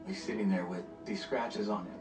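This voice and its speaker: Man, lowish voice, matter-of-fact, distant mic, loud music bed. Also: steady tone, moderate pace. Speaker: police investigator. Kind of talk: documentary interview.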